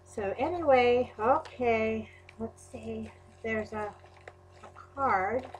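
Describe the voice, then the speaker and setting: A woman's voice: on the high side, slow, slight background noise, low-quality recording. A woman unboxing a crafting package in a vlog, gushing and exclaiming over each item. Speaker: crafting YouTuber. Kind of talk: unboxing a mail package on camera.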